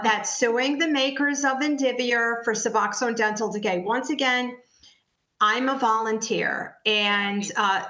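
A woman's voice: on the high side, sharp tone, dull audio. Fiery woman advocate, echoey room. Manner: emphatic, combative, rapid rhetorical questions. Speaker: patient advocate guest. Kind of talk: heated interview talk.

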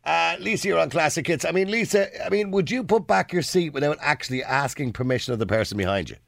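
An Irish man hosting a phone-in radio show in a brisk, joking manner. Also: a little high, gravelly, no room sound, clean studio sound. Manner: brisk, animated, joking banter. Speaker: radio host.

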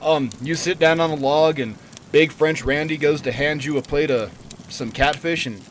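A man's voice: fairly high pitch, normal speed, slight background noise. A man narrating a tabletop game as game master, playful and swearing.

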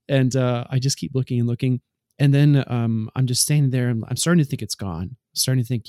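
A man of middle pitch telling a rambling podcast story, full of "like" and "right?". His speech is casual and anecdotal. The mic is dry and close. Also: fast, warm tone, no echo. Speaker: podcast co-host.

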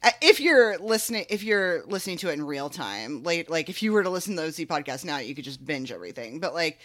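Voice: medium pitch, big pitch swings, fast talker, a bit bright. A podcast co-host chatting casually, telling stories in a rambling way full of fillers. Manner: rambling, filler-heavy storytelling. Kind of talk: casual chat.

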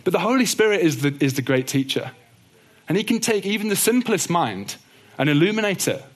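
A man teaching a Bible lesson in an earnest, gentle way. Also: high-pitched, very animated, brisk. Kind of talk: teaching talk on doctrine.

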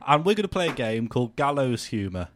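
A man's voice: mid-range voice, big pitch swings, fast talker, slight background noise. A young man hosting a comedy podcast game, rambling and giggling as he explains. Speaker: game host. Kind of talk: casual comedy podcast banter.

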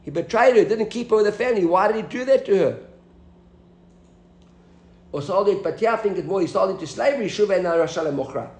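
A man's voice: high-pitched, animated, a little fast, long pauses, a little mellow, reverberant. A man teaching a Talmud class, explaining the text and asking his students questions as he goes.

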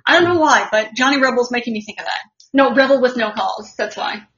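A woman's voice: fairly high pitch, brisk, a bit bright. A woman co-hosting a podcast, chatting playfully and laughing along with her co-host. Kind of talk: casual podcast chat. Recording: dull lo-fi podcast audio.

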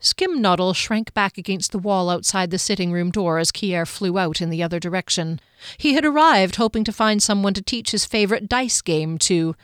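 A woman reading a fantasy novel aloud in measured scripted narration, lightly voicing the characters. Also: mid-range voice, fairly bright tone, smooth, dry recording, studio quality. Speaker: audiobook narrator.

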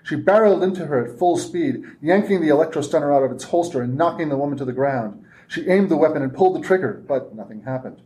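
A man, an author, reading his own fiction aloud with steady, measured narration at a convention reading. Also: fairly high pitch.

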